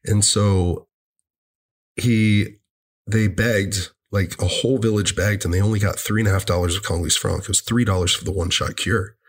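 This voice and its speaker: A man sharing a personal story in an earnest, halting way, often repeating himself. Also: fairly low pitch, fairly even intonation.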